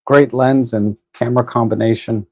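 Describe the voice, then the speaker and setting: Man, livestream host, casual, thinking aloud, mellow voice, dry close sound. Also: mid-range voice, moderate pace, no room sound. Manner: relaxed, thinks aloud with fillers and restarts. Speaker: photo editing livestream host. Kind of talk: casual live stream commentary. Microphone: desk microphone.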